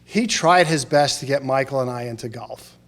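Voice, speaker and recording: A man's voice: mid-range voice, moderate pace. A middle-aged man at a podium microphone in a funeral chapel, giving a eulogy full of humorous anecdotes and chuckling through the stories.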